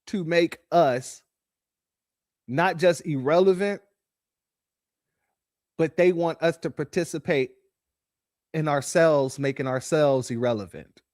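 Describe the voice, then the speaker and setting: Male online preacher-commentator, high-pitched, dry close mic, preachy and sarcastic. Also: darkish tone, no echo. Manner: preachy, sarcastic, addresses listeners as family. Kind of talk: sermon-style livestream commentary.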